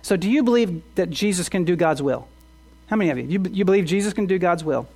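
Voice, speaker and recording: A man's voice: high voice, animated, fast talker, a little mellow. A man preaching a sermon as pastor, earnest, asking the congregation rhetorical questions and often restarting his words.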